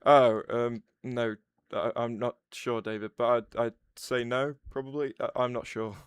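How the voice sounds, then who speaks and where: A man's voice: mid-range voice, steady tone, a little slow, clear, resonant tone, no echo. A man hosting a casual livestream, rambling, restarting his sentences and answering chat messages aloud.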